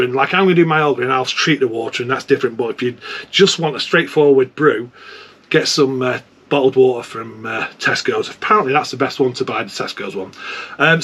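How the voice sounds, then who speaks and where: A man's voice: mid-range voice, fairly bright tone. A man with a British accent chatting informally and at length as a homebrew vlogger. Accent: British English. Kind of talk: casual chat.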